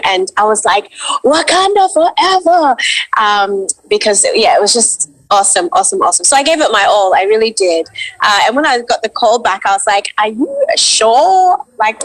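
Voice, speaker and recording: A woman's voice: mid-range voice, no echo, rough recording. A woman with an Australian accent, a voice actress guest telling her story on a video call and acting out quoted reactions. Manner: animated, acts out quoted reactions. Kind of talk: casual interview storytelling.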